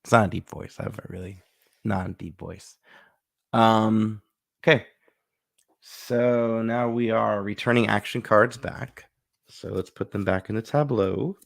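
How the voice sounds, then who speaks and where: A man talks his way through a solo board game, explaining each move. His voice sits low with a gravelly edge. The delivery is chatty and loose, as if thinking aloud. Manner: chatty, thinks aloud, acts out little bits.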